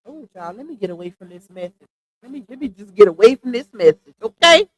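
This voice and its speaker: A woman's voice: fairly high pitch, very animated, fast talker, low-quality recording. A woman commenting casually on a livestream, chatty and laughing often as she reads posts aloud.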